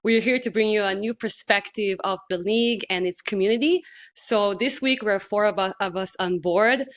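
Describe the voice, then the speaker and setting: An eager woman from Israel hosts a casual sports podcast at a middling pitch. She talks with open excitement, leaning on little fillers as she keeps the conversation moving. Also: normal speed. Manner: enthusiastic, laughs often, uses fillers. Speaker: podcast host, sports TV presenter.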